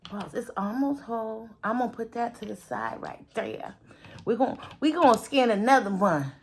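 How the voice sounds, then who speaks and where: Slight background noise accompanies a woman with a fairly high, lively voice speaking at a moderate pace. She's a food vlogger cooking in her home kitchen, chatting casually to viewers and muttering asides between tasks.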